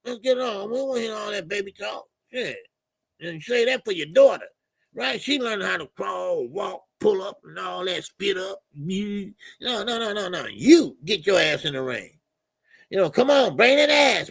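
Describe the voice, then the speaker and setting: A man's voice: high voice, gravelly, a bit bright, slightly rough, dry recording, clean studio sound. A man calling into a live show, talking boxing in heated, profane trash talk, often raising his voice.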